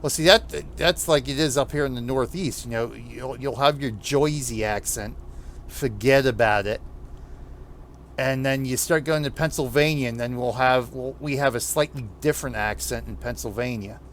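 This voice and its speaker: A man with a New Jersey accent chatting casually with his audience while driving in a truck game, rambling with halting restarts. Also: mid-range voice, fairly bright tone, slight background noise. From New Jersey, USA. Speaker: streamer playing a truck game. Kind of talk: casual chat while gaming.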